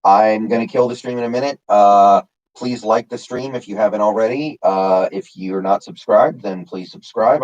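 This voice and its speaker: A man's voice: lowish voice, a little mellow, dull audio. A man casually chatting on his live stream, answering chat by name with lots of fillers. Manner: rambling, reads chat names, many fillers.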